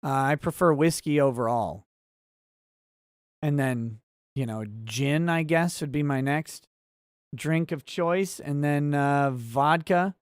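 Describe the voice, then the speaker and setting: A man hosting a relaxed livestream, reading viewer chat aloud and answering in a rambling, easily sidetracked, wry way. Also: a little high, slow, clean tone, no echo, clean studio sound.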